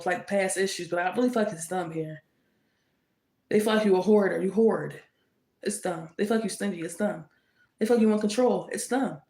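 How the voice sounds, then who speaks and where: A woman giving a casual tarot reading, speaking emphatically and scolding with indignant rhetorical questions. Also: medium pitch. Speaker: tarot reader. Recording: echoey room.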